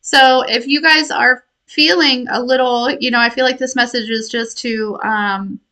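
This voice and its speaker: A woman with a high, bright voice talks slowly to her viewers, wandering off on tangents and laughing often. She sounds affectionate as she delivers a casual spiritual message as a tarot reader. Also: steady tone, low-quality recording. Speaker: tarot reader and intuitive healer.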